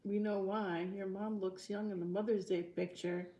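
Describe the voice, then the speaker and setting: A woman's voice: mid-range voice, little pitch movement, normal speed, dark tone. A woman co-hosting a casual eating stream, chatty and giggly as she tells stories. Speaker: co-host of a mukbang stream. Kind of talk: casual chat while eating. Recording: echoey room with faint noise.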